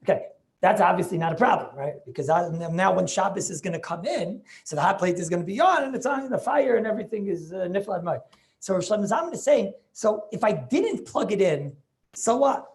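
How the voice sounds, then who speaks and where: A man's voice: sits high, animated, fairly quick, a little mellow. A man making a Talmudic argument in an online Torah class over a video call. He talks eagerly, restarts his sentences and keeps checking with "right?".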